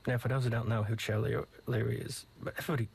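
A man's voice: mid-range voice, flat delivery, racing, creaky, a little mellow, breathy edge. A man with an Irish accent, chatting casually and enthusiastically as a radio host between songs. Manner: rambling, conversational, enthusiastic.

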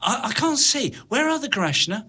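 A man reads as a young boy, his voice pushed up high and stretched with effort. He stammers out urgent, pleading commands with a husky edge, in a storybook reading. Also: big pitch swings, brisk, bright, forceful tone, full character voice. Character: young boy straining to control beasts.

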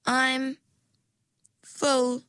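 A woman voicing a timid young mergirl who speaks hesitantly in a higher, softer voice. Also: completely flat delivery, extremely slow, clear, resonant tone, no echo, clean studio sound, exaggerated voice.

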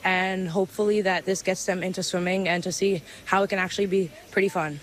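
A woman's voice: on the low side, fairly even intonation, fairly quick. Breathless teen girl athlete from Belize, post-race interview, hesitant and casual. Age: late teens.

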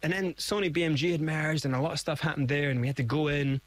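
A man's voice: on the high side, fairly even intonation, fast, dry recording. A middle-aged man, a guest in an interview, telling his story with animation and acting out the voices he quotes. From Scotland.

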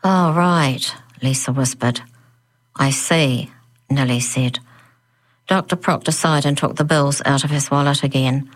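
Slow, low-voiced woman reading a story. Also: fairly even intonation. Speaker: narrator. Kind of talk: audiobook narration.

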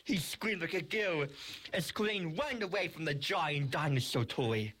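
A young storyteller making up a toy adventure, rambling and excited, with frequent restarts. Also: medium pitch, unhurried, background noise. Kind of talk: improvised storytelling.

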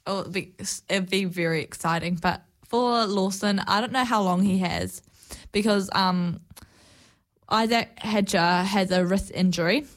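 A woman hosting a casual chat, rambling and excitable, with many fillers and restarts. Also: mid-range voice, a little slow.

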